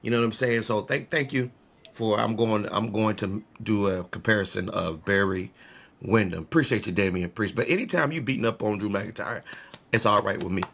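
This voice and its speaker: A man co-hosting a podcast in casual chat, animated and rambling, often breaking into laughter. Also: lowish voice, brisk, creaky. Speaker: podcast co-host.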